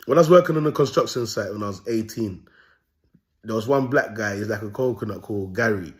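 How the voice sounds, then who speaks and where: A man's voice: lowish voice, brisk. A young man with a London accent hosting his own video, ranting in comic commentary, swearing freely and laughing at his own jokes. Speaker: host.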